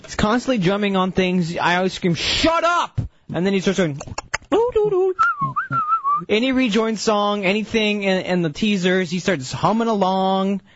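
A man's voice: high-pitched, a little fast, few pauses. A man on a radio show's crew, complaining in exasperation about a coworker. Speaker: studio crew member. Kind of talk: casual radio banter. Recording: dull radio studio sound.

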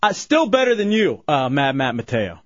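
A man's voice: fairly high pitch, very animated, moderate pace, highs cut off. A man in his thirties hosting a talk show, joking in a self-deprecating, laughing way. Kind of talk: casual studio banter.

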